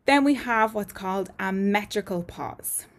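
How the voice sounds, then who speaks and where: A woman teaching a lesson to camera, explaining points clearly and methodically with frequent ums. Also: mid-range voice, measured pace. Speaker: voice and speech teacher.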